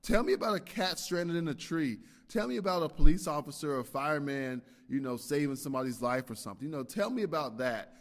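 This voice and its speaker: A man hosting his own podcast, rambling and animated, swinging between loud rants and quiet muttered asides. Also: on the high side, a little fast, few pauses. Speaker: podcast host. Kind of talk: casual solo podcast monologue. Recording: long reverb from a hall-like room.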